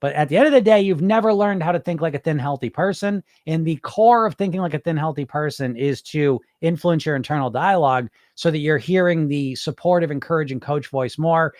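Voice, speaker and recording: A weight loss coach hosts a casual podcast monologue in a slightly high voice, talking a little fast with hardly any pauses. He's blunt and animated, swears freely, and acts out the voices in his head; the sound is clean studio quality with no echo.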